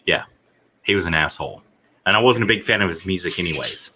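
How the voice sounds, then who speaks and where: A man chatting as a podcast guest, blunt and crude, swearing a lot with dark humor. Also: sits low, animated, fast, breathy edge, rough recording. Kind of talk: casual chat.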